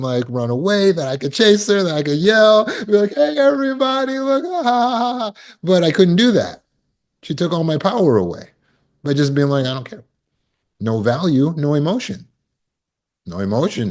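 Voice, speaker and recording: A man's voice: medium pitch, darkish tone. A man coaching on trauma recovery in a casual talk, telling stories and acting out quoted people with big jumps in his voice.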